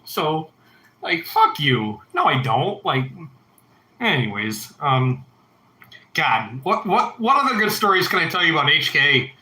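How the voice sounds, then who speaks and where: A man's voice: a little high, wildly swooping pitch, unhurried, pushed and bright. A man in his thirties hosting a casual livestream, rambling and swearing freely as he talks to his chat. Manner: rambling, heavy swearing, reads chat aloud. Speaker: livestream host. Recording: echoey room.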